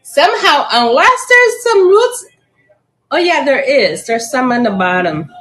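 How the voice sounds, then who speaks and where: High-voiced woman chatting slowly. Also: sing-song, a bit bright, poor audio. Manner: chatty, giggly, stumbles over and spells out plant names. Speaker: live-sale seller. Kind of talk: casual live-auction chat.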